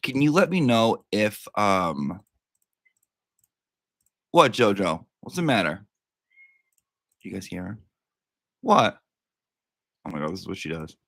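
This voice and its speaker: A man's voice: lowish voice, sing-song, slow, gravelly, long pauses, a bit bright, dry recording. A man hosting a casual livestream, chatty and profane, breaking off to talk to his dog. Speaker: livestream host.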